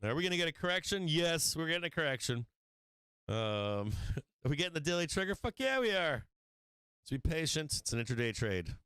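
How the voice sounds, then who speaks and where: A man hosting a live stock trading stream, chatting casually, swearing freely and laughing often, sometimes getting loud and excited. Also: a little high, a little fast, clean tone, no room sound. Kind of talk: casual profane trading commentary.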